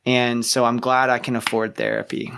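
A man's voice: medium pitch, sing-song, moderate pace, vocal fry, noisy background. A middle-aged man from the American South, chatting casually as a podcast guest, rambling and self-deprecating. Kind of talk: casual chat.

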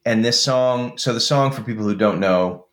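A man's voice: medium pitch, moderate pace. A man co-hosting a casual chat, talking with enthusiasm and rambling with lots of fillers. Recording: roomy echo.

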